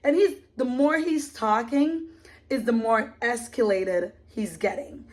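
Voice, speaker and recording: High-voiced woman telling an indignant story. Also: unhurried. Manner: indignant, emphatic retelling. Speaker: vlogger. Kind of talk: casual storytime vlog.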